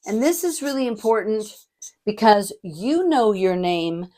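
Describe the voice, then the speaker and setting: A middle-aged woman teaches public speaking straight to camera in a mid-range voice. Her delivery is demonstrative, moving between bright, energetic bursts and a softer, lower register. She sounds like a practiced coach walking a learner through the steps. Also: unhurried. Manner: demonstrative, shifts between energetic hype and soft warm tones.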